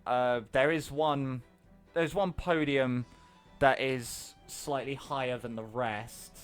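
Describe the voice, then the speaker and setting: A man narrating a tabletop game as game master, relaxed and rambling with many pauses. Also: medium pitch, clear, resonant tone, soft background music.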